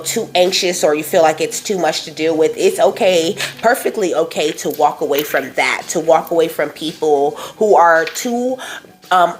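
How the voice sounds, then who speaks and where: A woman with a low, soft voice reads cards for her viewers in a gentle, spiritual tone. She talks to them directly and keeps checking in with little tag questions. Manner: soft, repeats "okay?" and "you know what I mean?", laughs often. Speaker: spiritual card reader. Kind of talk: channeled card reading to viewers.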